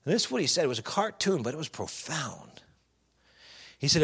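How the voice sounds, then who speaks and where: Animated, bright-voiced male preacher. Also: a little high, fairly quick, vocal fry, pauses often, breathy edge. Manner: emphatic, animated, addresses the congregation directly. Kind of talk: sermon.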